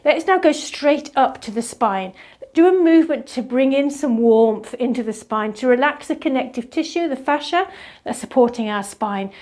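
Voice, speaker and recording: A woman leading a qigong movement class, giving soft, slow guiding instructions. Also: high-pitched, lively intonation.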